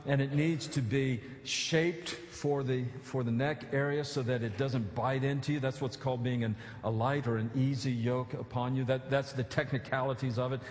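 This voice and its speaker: A man's voice: medium pitch, steady tone, moderate pace, few pauses, slight background noise. A man pastor preaching a sermon, earnest, with emphatic pleading appeals and casual asides. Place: church sanctuary. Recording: echoey church hall.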